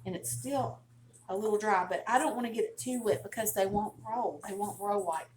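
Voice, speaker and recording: A middle-aged woman with a Southern drawl chats folksily as she cooks in her home kitchen, wandering into little stories as she goes. Her voice sits at an ordinary middle pitch, picked up by a camera on the counter, with a faint hiss behind it. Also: brisk, a little mellow. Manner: folksy, chatty, storytelling. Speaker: cooking channel host. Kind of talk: casual cooking demonstration.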